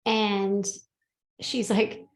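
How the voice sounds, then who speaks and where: A woman hosting a podcast, telling a personal story in casual chat, animated and laughing often as she acts out what people said. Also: medium pitch, very slow, echoey room. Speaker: podcast host and medium.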